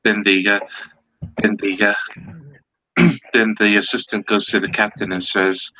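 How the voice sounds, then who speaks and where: A man's voice: lowish voice, flat delivery, measured pace, long pauses, pushed and bright, no echo, low-quality recording. A man chatting casually and telling jokes in a rambling way, with many fillers.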